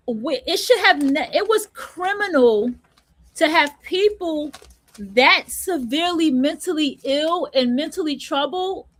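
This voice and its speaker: Blunt high-voiced woman ranting casually. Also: a bit bright. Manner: blunt, profane, slangy storytelling. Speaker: host. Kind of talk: casual monologue on an online radio show.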